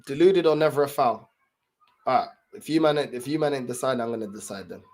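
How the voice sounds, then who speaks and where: A man's voice: medium pitch, quick pace, darkish tone. A young man chatting casually to his livestream viewers, in laid-back, slang-heavy talk full of fillers. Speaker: livestream host.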